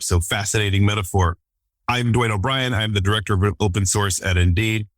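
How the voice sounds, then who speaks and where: Guest, male, fairly low voice, sleepy, wry, dry recording. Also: no room sound. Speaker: podcast guest. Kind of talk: casual guest introduction.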